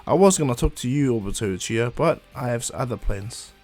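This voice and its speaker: A man voicing a calm, self-assured young male ninja prodigy who speaks quietly. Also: medium pitch, fast talker, faint music behind.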